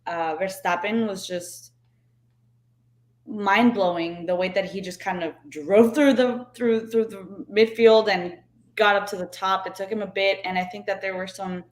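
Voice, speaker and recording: An excitable woman co-hosts a casual sports chat and speaks in quick bursts of enthusiasm. Her voice is at a middle pitch. It is recorded in a roomy space that echoes noticeably. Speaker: podcast co-host. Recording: roomy, echoey room sound.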